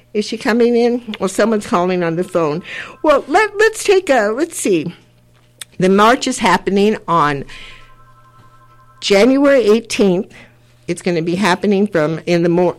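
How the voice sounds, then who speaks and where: An older woman hosts a community radio talk show. She speaks earnestly and rambles a little, often repeating herself as she gathers her thoughts. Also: medium pitch. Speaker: radio host.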